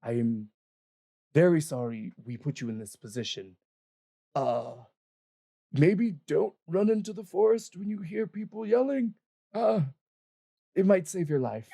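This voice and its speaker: A man's voice: high voice, lively intonation, unhurried, creaky, pauses often, warm tone, no room sound, studio quality, pitched above the performer's own voice, exaggerated voice. A man voicing a flustered male dwarf animal keeper in a tabletop game, talking in a fussy, apologetic, rambling way.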